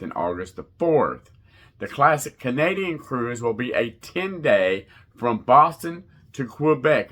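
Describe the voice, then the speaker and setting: A man's voice: mid-range voice, pushed and bright. A man hosting a cruise vlog, chatting casually with viewers, calling them folks and laughing at his own slips.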